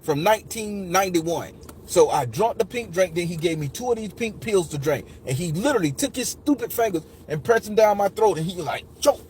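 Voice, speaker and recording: A man's voice: high voice, animated, brisk, a little mellow, slight background noise. A man in his forties telling a personal story in a raw, profane, emotional way, talking straight to listeners. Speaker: podcast storyteller. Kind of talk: casual storytelling.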